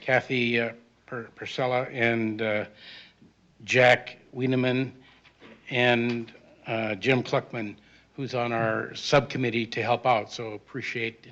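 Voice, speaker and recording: A man making club announcements at a meeting, halting with many fillers. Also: mid-range voice, level tone, fairly bright tone. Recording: dull lo-fi audio.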